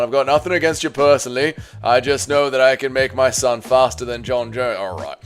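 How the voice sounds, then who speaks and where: A hoarse man with an Australian accent hosting a casual livestream, reading viewer comments with loud, playful banter. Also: medium pitch, fairly quick, hardly any pauses, faint music behind. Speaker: livestream host.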